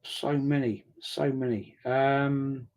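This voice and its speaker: A man in his sixties, rambling through a casual live-stream chat and reading out viewer comments, often repeating himself and pausing with ums. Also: medium pitch, level tone, darkish tone.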